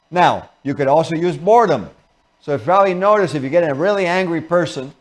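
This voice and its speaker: Male host, earnest motivational teacher, lively delivery, pitched slightly high. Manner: earnest, animated teaching with acted-out examples. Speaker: host and lecturer. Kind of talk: motivational lecture.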